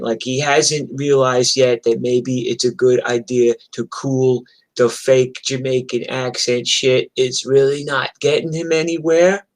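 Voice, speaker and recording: A man from New York telling wild street stories in a casual, profane, animated way, acting out the fights as he goes. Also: medium pitch. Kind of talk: casual storytelling. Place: streamed from home.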